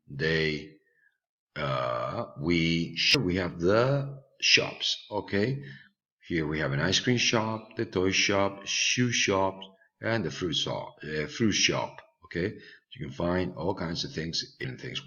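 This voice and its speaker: A man's voice: sits low, lively intonation, takes it slowly, pushed and bright. A male English teacher with a Spanish accent giving a patient online lesson for children, with many fillers and repeated words. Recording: dull lo-fi recording.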